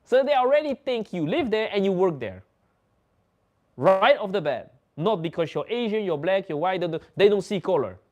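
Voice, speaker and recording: Lively Dutch guy with a slightly high voice, chatty livestream host who laughs a lot. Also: normal speed, dull audio. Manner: animated, laughs often, acts out other people's lines. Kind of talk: casual storytelling.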